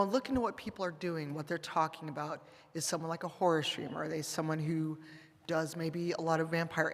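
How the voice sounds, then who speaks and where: A woman in her fifties speaking on a convention panel, blunt and sassy as she gives advice. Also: sits low. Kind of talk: candid convention panel talk. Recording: reverberant convention hall.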